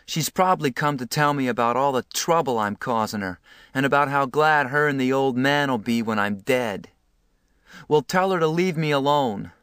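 A man's voice: mid-range voice, moderate pace, fairly bright tone, clear, resonant tone, no room sound, studio quality, lightly acted. A man voicing a scared, badly hurt teenage boy who speaks in a shaky, pleading voice that breaks. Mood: bitter.

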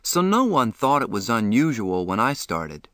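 A man narrating a novel in the first person, reading in a measured, plain way. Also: medium pitch, sing-song, fairly bright tone, no room sound, clean studio sound. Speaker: audiobook narrator.

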